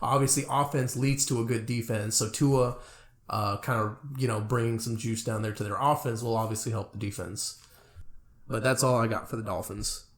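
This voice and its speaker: A young man with a mid-pitched voice leads a casual football talk. He rambles in a laid-back way and stumbles over names now and then. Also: steady tone, normal speed. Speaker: podcast co-host. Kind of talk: casual sports chat.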